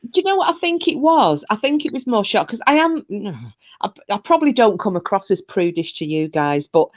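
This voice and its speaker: A woman's voice: fairly high pitch, very animated, a little fast, no room sound, muffled recording. A woman hosting a casual chat, telling stories with frequent laughter and the odd swear. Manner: chatty storyteller, laughs often, swears. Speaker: stream host.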